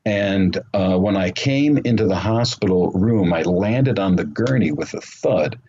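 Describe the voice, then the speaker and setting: Brief: low-voiced male interview guest, earnest storyteller full of fillers, muffled remote-call sound with a faint hiss. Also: lively intonation, unhurried, mellow.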